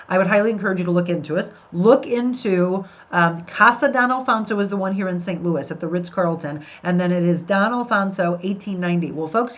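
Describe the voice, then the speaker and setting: Chatty woman host, low and lo-fi. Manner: upbeat, addresses listeners directly. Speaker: podcast host. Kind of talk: live podcast chat with viewers. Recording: dull lo-fi sound.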